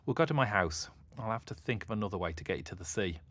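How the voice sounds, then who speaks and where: A man doing an excitable boy. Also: lowish voice, quick pace, no room sound. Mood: flustered. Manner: bright, shouty and excitable. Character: lonely, eager young boy, kind-hearted.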